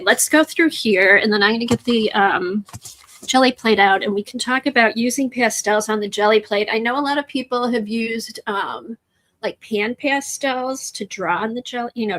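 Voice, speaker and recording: Woman, Midwestern accent, middle-aged, chatty live-stream host, slightly high, breathy, dry close sound. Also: fairly bright tone, dry recording, low-quality recording. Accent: American Midwest. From Chicago, USA. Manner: chatty, reads out and answers chat comments. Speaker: livestream art host. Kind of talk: casual chat while crafting.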